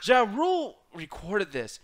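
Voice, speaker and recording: A man's voice: sits high, huge pitch swings, a little slow, very noisy. A man co-hosting a casual online chat show, swearing freely and laughing often. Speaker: co-host.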